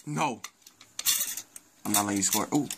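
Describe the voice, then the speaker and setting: A woman playing a table game at home, competitive and full of loud cheers and groans. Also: very deep voice, moderate pace. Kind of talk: excited casual play. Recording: noisy home recording.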